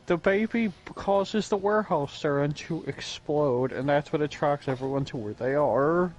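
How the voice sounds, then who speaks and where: A man's voice: fairly high pitch, moderate pace, darkish tone. A man co-hosting a casual anime review podcast, making dry, laid-back, matter-of-fact remarks. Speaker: podcast co-host.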